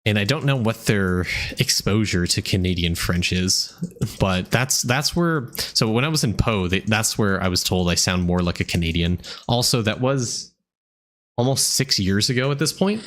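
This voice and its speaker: Low-voiced American man streaming a game. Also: animated, a bit bright. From United States. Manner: rambling, halting, thinking aloud. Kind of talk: casual gameplay commentary.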